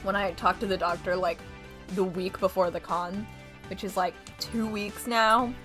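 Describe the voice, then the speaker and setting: A woman's voice: medium pitch, fairly even intonation, measured pace, fairly bright tone, faint music behind. A young woman streaming a game with a lingering cough, commenting casually, giggling and swearing freely. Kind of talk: casual let's-play commentary.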